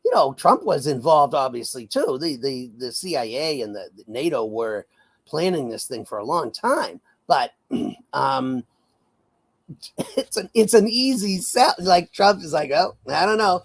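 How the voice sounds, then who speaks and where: A male guest commentator talks politics in a casual, wry way, laughing often and filling his speech with restarts. His delivery is unhurried, and his voice sits a bit high for a man. He speaks over a video call. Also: big pitch swings. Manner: wry, laughing, full of fillers.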